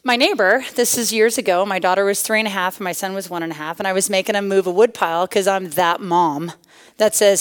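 A middle-aged woman giving a personal testimony sermon to a women's church gathering, animated and punchy, swinging between loud bursts and hushed asides. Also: mid-range voice, brisk, clear, resonant tone. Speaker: guest speaker at a women's church tea.

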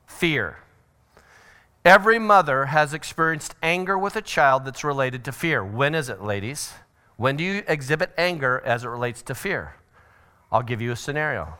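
A middle-aged man teaching a parenting seminar at church, animated and acting out family scenes with sudden shouted voices. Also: fairly high pitch, smooth.

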